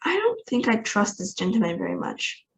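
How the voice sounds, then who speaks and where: A woman's voice: a little high, wildly swooping pitch, moderate pace, gravelly, slight background noise, full character voice. A woman reading a storybook aloud, voicing a grumpy, distrustful old grandmother who complains a lot. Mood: grumbling.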